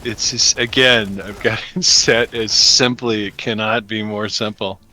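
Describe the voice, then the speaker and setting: A man with a bright, forward tone chats easily while playing a game with friends. He is jokey and talkative and laughs often, stretching out his stories. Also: on the low side, fairly even intonation, measured pace, slight background noise. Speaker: podcast host and co-player. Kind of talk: casual chat while gaming.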